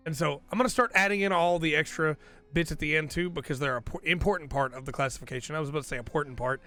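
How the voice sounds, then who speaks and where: Male podcast host, enthusiastic and rambling, slightly high, bright voice, voice worn down. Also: animated, fairly quick, soft background music. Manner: rambling, enthusiastic, self-correcting. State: losing his voice. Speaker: podcast host reviewing episodes. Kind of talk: casual review commentary.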